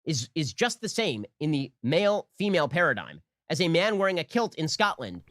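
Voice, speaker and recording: A man delivering a rapid, combative political monologue, emphatic and argumentative. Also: on the high side, big pitch swings, fairly bright tone, dry recording, studio quality. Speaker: political commentator.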